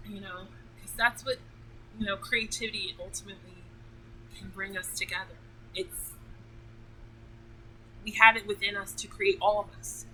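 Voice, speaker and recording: A woman's voice: medium pitch, steady tone, moderate pace, pauses often, sharp tone, a little hiss or hum, poor audio. A woman hosting a casual talk, enthusiastic and emotional, rambling with many fillers. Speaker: podcast host.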